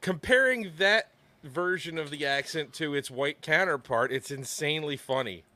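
A man's voice: fairly high pitch, normal speed, pushed and bright. A man co-hosting a casual podcast chat, rambling with lots of fillers and restarts.

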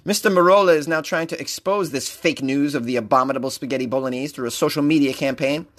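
A man's voice: medium pitch, fast talker, a bit bright. A man hosting a comedic news podcast, rambling and joking in a self-mocking way. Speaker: podcast host.

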